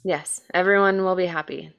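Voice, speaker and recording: An American woman co-hosts a true-crime podcast, telling a case in casual chat. Her voice is on the low side, steady, creaky, smooth and a bit bright, at a moderate pace, and the audio is dull. She's chatty, with lots of fillers, self-deprecating jokes and the odd swear word.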